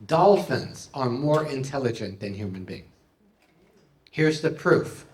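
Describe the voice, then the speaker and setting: A man's voice: medium pitch, lively intonation, takes it slowly. A man doing stand-up comedy for a live audience, punning and playful, taking questions. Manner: punning, playful, loud jokey delivery. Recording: roomy hall, mic at a distance.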